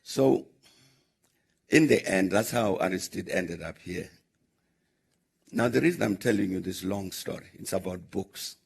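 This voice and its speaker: At a question-and-answer session, a former South African head of state, now an older man, spins a long anecdote, pausing often with "uh" as he recalls dialogue in a measured way. His gravelly, husky voice sits low.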